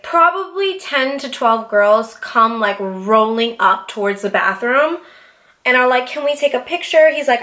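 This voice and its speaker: A woman in her late twenties from Boston, telling a story in a casual, animated way, swearing freely and acting out what people said. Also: medium pitch. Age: 20s. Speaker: vlogger.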